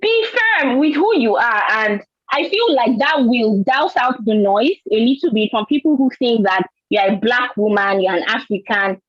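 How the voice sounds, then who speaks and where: A woman's voice: medium pitch, no echo, muffled recording. A woman from Nigeria with a Nigerian accent, telling an earnest personal story on a panel and often repeating words. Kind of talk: panel discussion.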